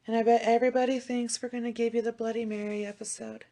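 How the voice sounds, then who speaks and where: A woman in her thirties co-hosting a podcast, telling stories in a casual chat with animated swings from loud outbursts to hushed asides and plenty of swearing. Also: a little high, fast talker, hardly any pauses, a little hiss or hum. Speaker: podcast co-host.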